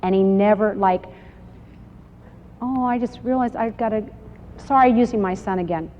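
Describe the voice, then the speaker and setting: Animated woman teaching in an echoey hall. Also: medium pitch, normal speed, a little hiss or hum. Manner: animated, laughing, acts out little quoted exchanges. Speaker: Bible study speaker. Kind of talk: lively Bible study talk to women. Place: large hall with audience. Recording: muffled 1990s video recording in a reverberant hall.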